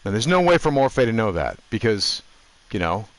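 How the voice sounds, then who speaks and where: A man doing animated, joking commentary while streaming a video game and talking to his chat. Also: lowish voice, moderate pace. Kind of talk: gaming commentary.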